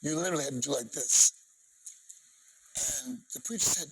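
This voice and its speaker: A man, a gospel singer, telling a personal story in an interview, dramatic and acting out voices and shouts. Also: medium pitch, expressive, brisk, creaky, long pauses, slightly rough, low-quality recording.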